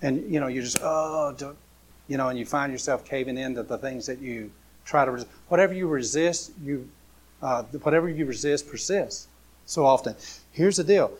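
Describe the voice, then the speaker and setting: A man's voice: mid-range voice, a little fast, breathy edge. A man preaching a casual sermon as a pastor, speaking in a loose, repetitive way with many fillers and rhetorical questions. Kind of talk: conversational sermon.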